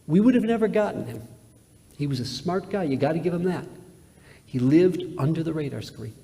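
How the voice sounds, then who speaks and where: A man's voice: a little high, animated, a little fast, vocal fry, warm tone. Occupation: rabbi. Sex: man. Style: sermon. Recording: hall reverb. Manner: emphatic storyteller with repetitions and dramatic swings in volume. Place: large synagogue sanctuary. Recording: reverberant hall, live webcast.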